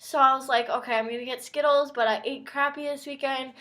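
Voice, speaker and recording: A young woman with a high voice tells a long story to her camera. She talks in a chatty, wry, exasperated way and often quotes her own thoughts. It sounds like a casual home vlog from Minnesota. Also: fairly even intonation, quick pace, fairly bright tone. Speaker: vlogger.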